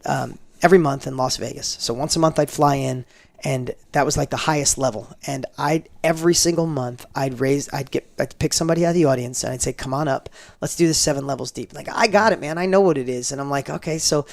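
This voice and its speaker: A man's voice: mid-range voice, fast talker, gravelly, no echo. A middle-aged man, a guest in an interview, telling a personal story emphatically and acting out the dialogue. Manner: emphatic, animated, acts out quoted dialogue.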